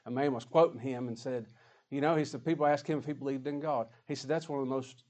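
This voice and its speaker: A man preaching a sermon emphatically, swinging between loud declarations and hushed asides. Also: mid-range voice, fairly even intonation, a little fast.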